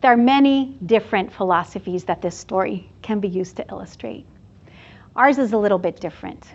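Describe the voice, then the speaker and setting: A woman presenter at a university event, telling a fable in an expressive storytelling manner. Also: mid-range voice, brisk. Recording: dull lo-fi sound.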